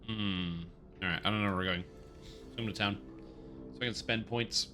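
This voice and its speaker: A man's voice: on the low side, steady tone, normal speed, over music. A man in his thirties streaming a game, joking and rambling as he reads chat aloud. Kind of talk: casual stream chat while gaming.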